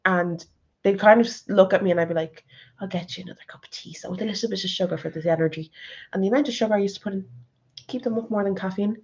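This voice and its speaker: A woman's voice: mid-range voice, fast, slightly rough, muffled recording. A woman chatting casually as a guest, often chiming in with short agreement. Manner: frequent short agreeing interjections. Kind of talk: casual chat.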